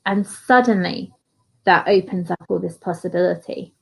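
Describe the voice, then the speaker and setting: A woman's voice: fairly low pitch, moderate pace, vocal fry, husky, poor audio. A woman hosting a coaching podcast, affirming her guest and thinking aloud in casual conversation.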